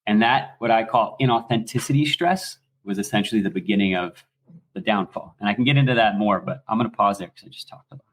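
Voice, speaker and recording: A man in his forties with an American accent tells stories in a casual, animated way, and he swears freely. His voice sits somewhat low. He sounds like a guest on a podcast. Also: fast. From United States. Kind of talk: casual storytelling.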